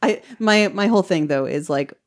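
A woman in casual chat, expressive and laughing, her voice swooping up when excited. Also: fairly low pitch, moderate pace.

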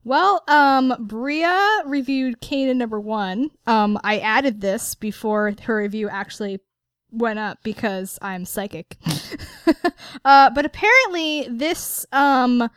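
Brief: female co-host, higher, smooth clear tone, giggly chat. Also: lively intonation, slow, fairly bright tone, dry recording. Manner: giggly, chatty, many fillers. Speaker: podcast co-host. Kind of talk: casual podcast chat.

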